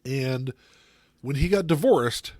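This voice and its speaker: A man's voice: mid-range voice, expressive, slow, a little mellow, no echo, studio quality. A man, co-hosting a casual podcast, swearing freely and laughing often. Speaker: podcast co-host. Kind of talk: casual chat.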